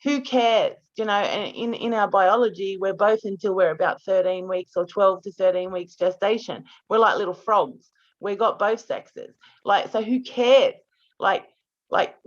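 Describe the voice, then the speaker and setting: A woman of middling pitch speaks as a guest on a spiritual talk show, her voice a little dull and muffled over a video call. She is blunt and emphatic and swears without hesitation. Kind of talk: casual spiritual chat.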